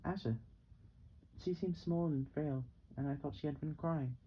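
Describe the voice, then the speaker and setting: A man narrating a novel in the first person, with a steady, measured delivery. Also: on the high side, dull audio, slight background noise. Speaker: audiobook reader.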